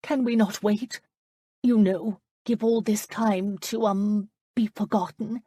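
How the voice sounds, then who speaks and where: A woman voicing a fretful aristocratic duchess who speaks weakly and hushed. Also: mid-range voice, steady tone, slow pace, slightly rough, no echo, clean studio sound, voice pushed up. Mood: flustered. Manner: weak, hushed, flustered.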